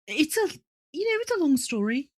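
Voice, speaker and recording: A woman's voice: sits high, sing-song, moderate pace, voice pushed up. A woman voicing a flustered young woman adventurer in a tabletop game, rambling nervously.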